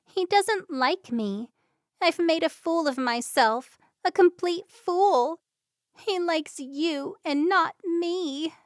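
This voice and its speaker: An insecure, lovesick young woman from a storybook, voiced by a female narrator. Her lines come out soft and halting, a little higher than the narration, in a close, dry sound. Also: steady tone, no room sound, close to an everyday voice. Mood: tearful.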